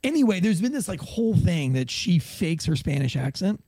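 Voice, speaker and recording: A man's voice: high-pitched, sing-song, moderate pace, mellow, no echo. A man hosting a podcast, recapping celebrity news in loose, rambling casual chat with lots of fillers. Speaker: podcast host.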